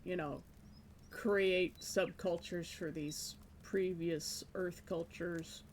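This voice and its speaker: A woman's voice: on the low side, steady tone, slow pace, slight background noise. A woman streaming live, chatting casually while she draws, musing and self-deprecating about her work. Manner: musing, self-deprecating, breaks into light laughs.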